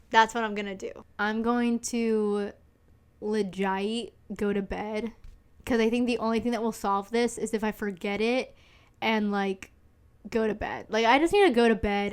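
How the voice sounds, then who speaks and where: A woman's voice: a little high, a bit bright. A young woman in her twenties hosting a solo podcast, talking in a rambling, emphatic way with lots of fillers and swearing. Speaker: podcast host. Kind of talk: casual solo chat. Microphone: seen recording on camera.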